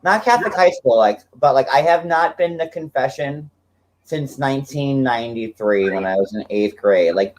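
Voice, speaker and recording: A man's voice: mid-range voice, normal speed, a little hiss or hum. A man in his forties hosting a casual livestream chat, talking in a rambling way, full of "like". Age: 40s. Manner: chatty, fillers of "like" throughout. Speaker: livestream host.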